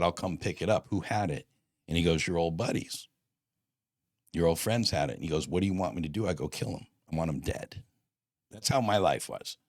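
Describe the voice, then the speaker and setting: A man's voice: low-pitched, fairly bright tone, no echo, clean studio sound. A man giving a blunt personal testimony in casual street talk, acting out old phone calls line by line. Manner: blunt street slang, acts out phone dialogue.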